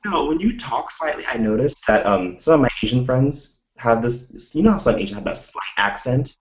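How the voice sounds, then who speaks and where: A man's voice: mid-range voice, lively intonation, normal speed, roomy sound, dull audio. A man chatting casually, rambling through a story with lots of restarts. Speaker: live chat participant. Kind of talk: casual chat.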